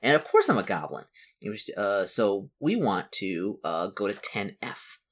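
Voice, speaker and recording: A man's voice: lowish voice, sing-song, unhurried, a bit bright, slight background noise. A man reading a solo fantasy gamebook aloud and musing over his choices in a chatty, self-correcting way. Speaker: solo gamebook player and narrator.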